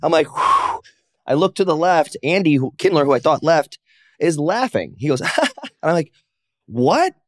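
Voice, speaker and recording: A man's voice: on the high side, normal speed, no echo, clean studio sound. A man, a professional wrestler, telling stories in a casual interview, jumping into raised voices to act out what others said. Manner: animated, acts out quotes in raised voices. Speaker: wrestler and comic, guest.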